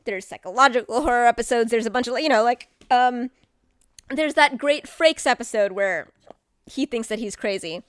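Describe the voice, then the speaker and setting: Woman streamer, rambling and excitable, hiccuping, casual chat; slightly high voice, dry close sound. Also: normal speed, no echo.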